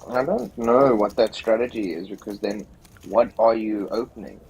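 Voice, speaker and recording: A man's voice: lowish voice, normal speed, a little mellow, dull audio, a little hiss or hum. A native English-speaking man giving easygoing live poker commentary. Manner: easygoing, laughs often.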